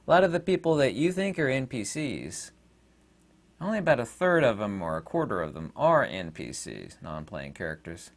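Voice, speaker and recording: A man hosting his own channel, talking in a rambling, digressive monologue full of fillers. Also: medium pitch. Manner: animated, digressive, many fillers. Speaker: channel host.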